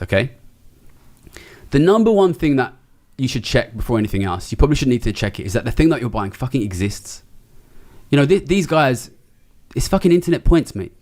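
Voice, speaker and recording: A man's voice: medium pitch, darkish tone. A middle-aged man from Britain giving an interview, blunt, emphatic and full of swearing. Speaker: interview guest, trader. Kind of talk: candid interview talk.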